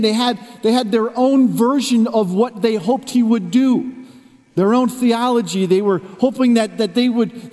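A pastor with a high voice delivers a sermon in a large worship hall. He tells his story in hushed low tones, then rises into emphatic preaching. Long reverb trails each phrase.

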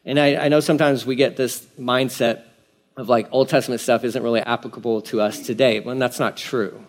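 A man's voice: medium pitch, steady tone, fairly quick. A man pastor preaching a conversational sermon, repeating phrases for emphasis.

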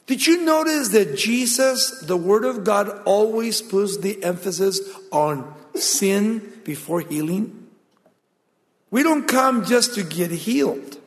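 A man preaching a sermon, telling a scripture story in an animated way and briefly acting out the people in it. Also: high voice, big-room sound. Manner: animated storytelling, acts out voices in the scene. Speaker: pastor.

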